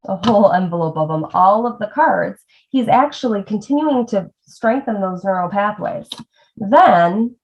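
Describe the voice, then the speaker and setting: A woman tutor walks parents through a reading game, stretching words apart sound by sound and speaking straight to them. Her voice sits at an ordinary middle pitch. The audio is a little dull and lo-fi. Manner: demonstrating sounds slowly, addressing parents directly. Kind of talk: instructional video lesson. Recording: slightly dull lo-fi video audio.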